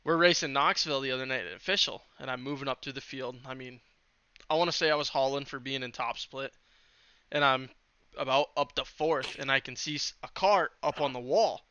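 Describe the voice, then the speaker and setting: A man's voice: mid-range voice, brisk, smooth, no echo, lo-fi sound. Helder klinkende man die een verhaal vertelt. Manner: animated, laughing while telling a story. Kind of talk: casual podcast storytelling.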